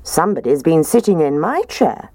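A woman voicing a kindly mother bear in a storybook reading, gentle in manner. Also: low-pitched, big pitch swings, moderate pace, dry recording, clean studio sound.

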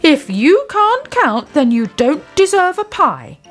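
A grumpy old woman from a storybook who scolds and looks down on others. Her voice is raised and sharp-edged, as a woman reading aloud puts her on, and she takes her time with each word. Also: high voice, big pitch swings, slow, faint music behind, exaggerated voice. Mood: scolding.

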